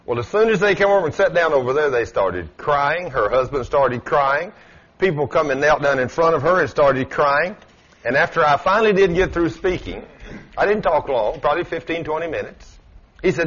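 A man preaching a sermon, telling stories in a folksy way with dramatic swings in pitch and loudness. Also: expressive, normal speed, breathy edge, dull audio.

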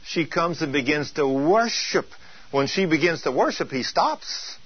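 A man's voice: a little high, lively intonation, unhurried, slightly rough, dry recording. A male preacher teaching a sermon emphatically, asking his listeners rhetorical questions. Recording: dull lo-fi taped teaching.

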